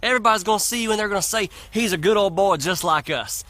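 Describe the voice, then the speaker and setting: A man's voice: high-pitched, quick pace, pushed and bright. A man voicing a male campaign adviser who frankly explains a plan. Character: male campaign handler, matter-of-fact adviser.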